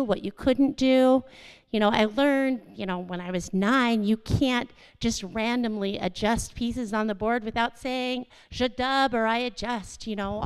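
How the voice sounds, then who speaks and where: A woman's voice: a little high, smooth, low-quality recording. A woman giving an earnest, conversational lesson in a church service. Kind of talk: storytelling sermon lesson.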